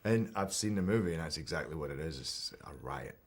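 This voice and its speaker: A Scottish man in his thirties, an actor chatting in an interview, relaxed and self-deprecating, with hesitant restarts. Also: extremely low pitch, a little fast. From Scotland. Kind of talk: casual interview chat.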